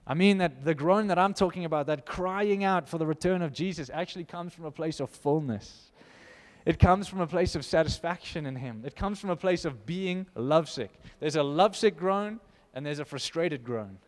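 Male pastor, sermon, high voice, swings loud to hushed, long hall reverb. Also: moderate pace.

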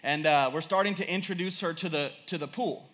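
This is a sermon from a young man who keeps repeating himself and stays highly animated. He laughs through anecdotes about his daughter, his pitch jumping up quickly.

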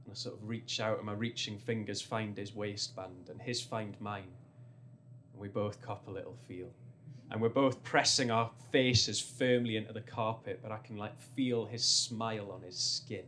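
A man's voice: lowish voice, fairly even intonation, normal speed, fairly bright tone, slight background noise. A young man from North East England telling a funny personal story on stage, rambling and self-deprecating, with many restarts.

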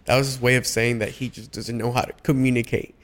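Man speaking haltingly, mid-pitched. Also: flat delivery. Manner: halting, many restarts and fillers. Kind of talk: casual heartfelt conversation.

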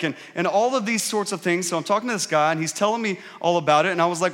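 A man's voice: high voice, fast, few pauses, fairly bright tone. A middle-aged man, a pastor, preaching a sermon in a church in a conversational storytelling way and often asking the congregation questions. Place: church sanctuary. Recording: reverberant hall.

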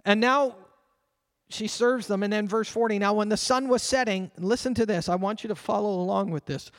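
A male pastor preaching a sermon, earnest and fervent, slowing down to read scripture aloud. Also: high-pitched. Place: church sanctuary. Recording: long reverb of a church hall.

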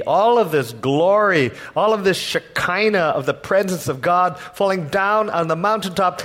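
A man preaching a sermon as pastor, telling the story in a lively way and acting out the people in it with humor. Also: a little high. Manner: animated storytelling, acts out voices with humor.

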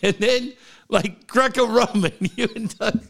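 A middle-aged man co-hosting a podcast, telling stories in casual chat, animated and profane, often laughing as he talks. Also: very high-pitched, unhurried, vocal fry. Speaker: podcast co-host.

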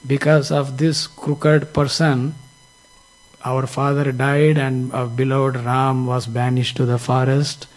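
A man quoting an angry young prince who wants revenge, spoken slowly. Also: medium pitch, little pitch movement, lightly acted, low-quality recording. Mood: bitter.

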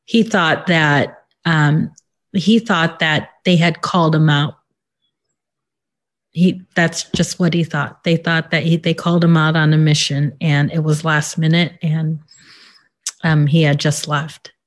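A woman in an interview who gives a personal account in a halting, subdued way, with many pauses and fillers. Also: low voice, steady tone. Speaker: interview guest.

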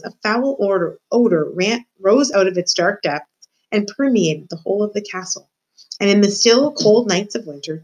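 A woman teacher reading a novel aloud to her students, expressive and addressing the reader directly. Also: mid-range voice, poor audio. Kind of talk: read-aloud storytelling.

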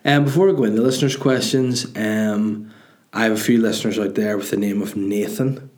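A man's voice: lowish voice, steady tone, brisk, a little mellow. A Northern Irish man hosting his own podcast, chatting in a rambling, jokey, sweary way. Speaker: podcast host and comedian. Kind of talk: casual solo podcast chat.

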